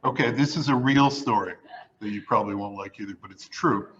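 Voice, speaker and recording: A man's voice: lowish voice, fairly quick, a bit bright, lo-fi sound, slight background noise. A man telling a self-mocking comic story to a live audience, acting it out as he goes.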